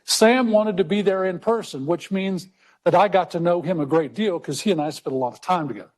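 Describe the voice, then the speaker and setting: A middle-aged man from Texas telling a personal story to an audience, slowing down for emphasis. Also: sits high. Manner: conversational storyteller, slows for emphasis. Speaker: speaker. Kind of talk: storytelling talk.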